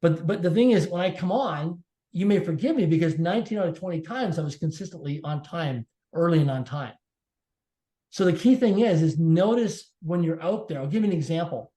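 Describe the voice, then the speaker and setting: A man's voice: a little high, lively intonation, a little fast, warm tone. A man telling a personal story as a podcast guest, emphatic and repeating his key phrases. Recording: echoey room.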